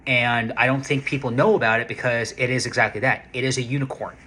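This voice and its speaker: A man talks to camera in a loose, rambling way, often restarting his sentences and throwing in curses for emphasis. His voice has a bright, forward edge, pitched at an ordinary middle height for a man. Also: fast talker. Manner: rambling, restarts often, excited and profane about guns. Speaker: vlogger, casino security worker. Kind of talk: casual storytelling vlog.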